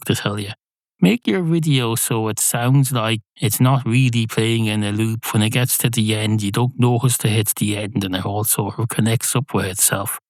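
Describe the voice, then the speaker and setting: A man hosting a podcast, delivering a rambling comic monologue in a digressive, deadpan, self-mocking way. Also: on the low side, no echo. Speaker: podcast host.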